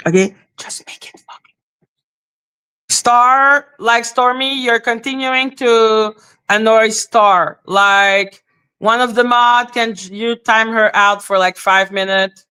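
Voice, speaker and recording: A woman's voice: a little high, steady tone, slow, sharp tone, clean tone. A woman hosting a livestream, talking bluntly and profanely in a heated rant to her chat. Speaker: livestream host.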